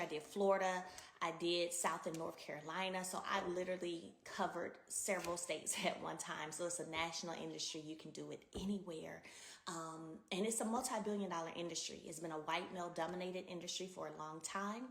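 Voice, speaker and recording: A woman's voice: lowish voice, steady tone, brisk, echoey room. A woman, a business coach speaking in a chatty, emphatic way straight to her viewers. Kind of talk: casual motivational talk.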